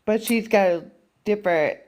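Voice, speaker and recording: A woman's voice: medium pitch, moderate pace, darkish tone. A woman chatting on a livestream, curious about words and dialects. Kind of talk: casual livestream chat. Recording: noticeable background noise.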